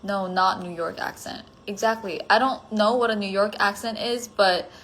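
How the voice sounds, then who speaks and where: A woman's voice: mid-range voice, steady tone, normal speed, a bit bright, low-quality recording. A woman chatting casually on a phone livestream, answering fan comments. She is giggly and self-conscious, with lots of "like" fillers.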